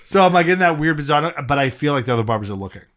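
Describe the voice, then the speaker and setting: A man's voice: a little high, animated, very fast, a bit bright. A man, a comedian guest, telling a rambling, profane story in casual podcast chat. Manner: profane, rambling anecdote with frequent laughs and restarts.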